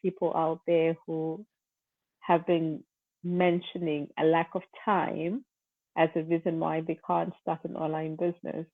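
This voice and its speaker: A woman's voice: low voice, gravelly, dry recording. A woman hosting an interview, encouraging her guest. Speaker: host, interviewer. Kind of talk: interview wrap-up. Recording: phone-like dry call line.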